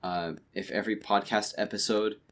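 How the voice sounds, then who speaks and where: A man's voice: lowish voice, steady tone, normal speed, a bit bright. A man co-hosting a podcast at home late at night, chatting casually and rambling with many restarts and fillers. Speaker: podcast co-host. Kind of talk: casual chat.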